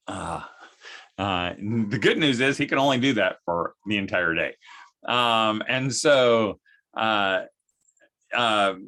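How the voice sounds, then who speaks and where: A middle-aged man giving a casual, animated talk on parenting, acting out quotes from his family in high voices. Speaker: speaker on parenting.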